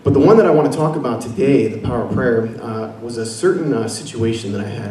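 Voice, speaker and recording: A man's voice: medium pitch, fast talker, warm tone, recorded from a distance. A young man from Washington State giving an earnest personal faith testimony as a guest speaker, with many fillers and restarts. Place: meeting room with an audience. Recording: echoey room, picked up from afar, faint noise.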